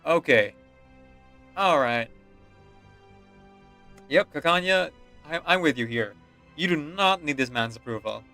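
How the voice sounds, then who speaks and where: A man giving casual let's-play commentary with relaxed, musing asides. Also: on the high side, unhurried, long pauses, faint music behind. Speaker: game streamer.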